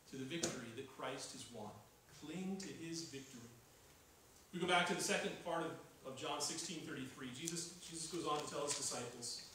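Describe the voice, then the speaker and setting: Male pastor, earnest sermon delivery, fairly high voice, booming hall echo, distant mic. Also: a bit bright, a little hiss or hum. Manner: earnest, rising to urgent emphasis. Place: church sanctuary. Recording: echoey hall, voice from far off.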